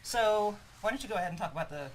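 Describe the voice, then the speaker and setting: A hoarse woman presenting a live game demo stream, explaining features in an upbeat way. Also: medium pitch, lively intonation, rapid-fire, a little hiss or hum, rough recording.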